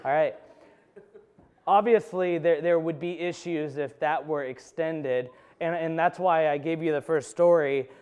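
Smooth-voiced man preaching a casual sermon. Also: a little high, a little slow, a little mellow. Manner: personal storytelling with self-deprecating humor. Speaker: pastor. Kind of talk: conversational sermon. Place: church sanctuary.

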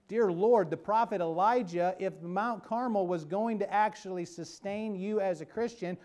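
A man delivers a sermon from the pulpit of a church, his voice sitting a little high for a man. He builds to emphatic peaks, then falls back into a soft, intimate hush. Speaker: pastor.

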